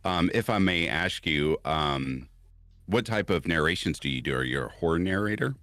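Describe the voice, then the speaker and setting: Very deep-voiced friendly podcast co-host. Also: male voice, animated, moderate pace, a bit bright, no room sound, studio quality. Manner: friendly, upbeat greetings, laughs often. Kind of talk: casual podcast chat.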